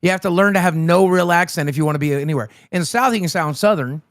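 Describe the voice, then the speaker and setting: A brash American man hosting a loud livestream, swearing freely and teasing his guest. His voice sits high for a man, and the sound is dry and close with no room around it. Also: fast talker, no room sound. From United States. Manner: brash, profane, mocking. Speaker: host.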